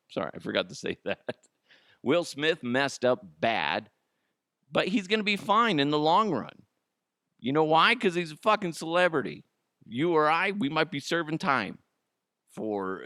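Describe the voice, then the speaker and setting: A man's voice: on the high side, sharp tone, dry recording, clean studio sound. A man hosting a solo comedy podcast, swearing freely and laughing at his own jokes. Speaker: podcast host.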